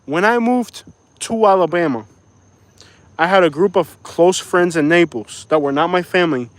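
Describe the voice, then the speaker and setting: A man's voice: high-pitched, moderate pace, dry recording. A young man from Florida venting his frustration on a casual live stream, apologizing for swearing and saying "bro" often. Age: young adult. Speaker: YouTuber reading live chat.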